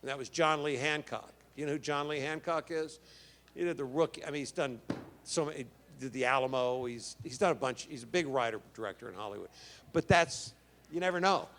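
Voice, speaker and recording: A man speaking as a guest actor on a convention panel, telling a casual anecdote and acting out the dialogue with a rising, animated voice. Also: fairly quick, slight background noise. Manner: lively storyteller, acts out dialogue with rising pitch; casual, chatty, mild swearing. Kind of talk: stage anecdote to an audience. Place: convention stage.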